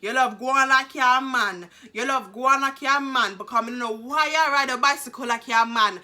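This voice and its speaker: Woman doing a strict mum, scolding in a bright, high voice. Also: a little fast. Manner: scolding, sharp. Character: strict scolding Caribbean mother.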